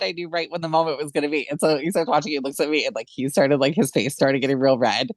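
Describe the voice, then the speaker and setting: Emotional, animated man on a podcast. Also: a little high, fast talker, hardly any pauses, dry recording. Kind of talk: casual podcast chat.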